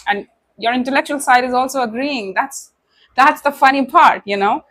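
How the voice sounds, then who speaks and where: A woman's voice: on the high side, brisk, slight background noise. A woman giving a tarot reading straight to the listener, speaking in an emotive way with many asides. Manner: warm, emotive, speaks directly to the listener with many "you know"s. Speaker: tarot reader. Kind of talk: casual tarot reading to camera.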